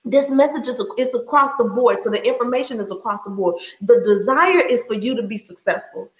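Woman, 30s, higher voice, passionate preacherly delivery, roomy echo. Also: brisk. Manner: passionate, preacherly, laughs often. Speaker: speaker sharing her story. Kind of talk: faith-based talk.

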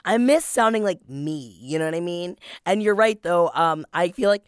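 Woman, husky, sultry, low voice, playful podcast host, dry sound. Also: animated, normal speed, dry recording. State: hoarse, voice just returning.

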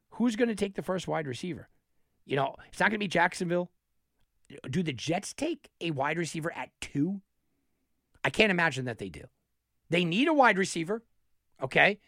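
A man hosting a sports betting talk, animated and thinking aloud, often restarting his sentences. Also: fairly high pitch, normal speed, gravelly, pauses often, dry recording, clean studio sound. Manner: animated, talks himself through picks with restarts. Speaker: sports betting show host.

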